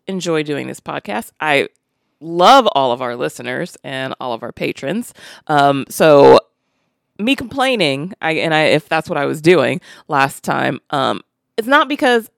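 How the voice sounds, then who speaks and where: A woman's voice: on the low side, vocal fry, no room sound, studio quality. A woman in her late thirties co-hosting a casual podcast, talking earnestly and hesitantly. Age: 30s. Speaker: podcast co-host. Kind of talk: casual chat.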